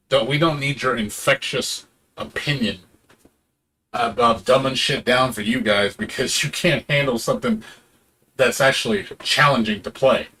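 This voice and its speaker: A male streamer rants off the cuff with plenty of swearing, and his voice sits at an ordinary, mid-range pitch. He talks in a sarcastic, exasperated way and drops into mocking impressions of other people. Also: fairly bright tone, a little hiss or hum. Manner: profane, sarcastic, mocks others in put-on voices. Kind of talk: casual ranting commentary while streaming.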